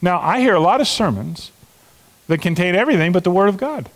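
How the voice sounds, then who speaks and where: A middle-aged man gives a sermon in a fairly high voice. He speaks earnestly, almost conversationally, and leans hard on key words as he turns to the congregation. His voice trails off in the long reverb of a large hall. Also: expressive, brisk. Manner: earnest, conversational preaching with emphatic stresses and asides to the congregation. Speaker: pastor.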